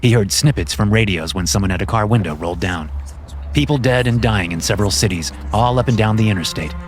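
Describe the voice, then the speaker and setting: Casual: guy with a lowish voice reading a horror story, steady and measured, faint music underneath. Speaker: narrator. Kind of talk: scripted horror story narration.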